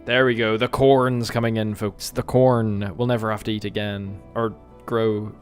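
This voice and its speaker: A man's voice: on the low side, level tone, moderate pace, faint music behind. A British man chatting casually with his live-stream viewers while playing a game, rambling and joking and humming to himself between remarks. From Britain.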